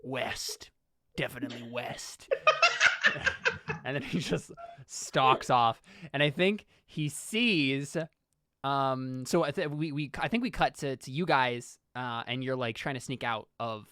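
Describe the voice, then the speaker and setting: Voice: mid-range voice, expressive, moderate pace, a bit bright, no room sound, clean studio sound. A rambling player narrating a scene. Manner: rambling with many "like"s. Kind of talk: tabletop role-play.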